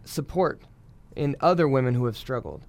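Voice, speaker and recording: A man's voice: medium pitch, lively intonation, moderate pace, creaky, darkish tone. A man working as a navy public affairs officer, a guest on a radio show, speaking earnestly and promotionally with many fillers.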